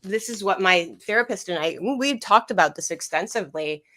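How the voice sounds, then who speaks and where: A woman's voice: medium pitch, animated, brisk, bright, forceful tone, no echo. A young adult woman telling an emotional personal story on a livestream, rambling and repeating herself, her voice catching at times. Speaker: guest.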